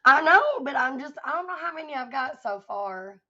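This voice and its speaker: A woman's voice: high voice, animated, moderate pace, sharp tone. A tired woman, chatting affectionately and rambling with her livestream viewers as her voice starts to give out. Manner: affectionate, rambling, laughs often. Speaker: livestream host. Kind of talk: casual livestream chat with viewers. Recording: dull lo-fi stream audio.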